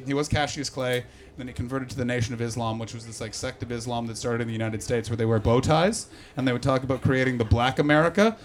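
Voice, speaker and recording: A man performing a stand-up comedy set on stage before a live audience, profane and animated, teasing the crowd. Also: medium pitch.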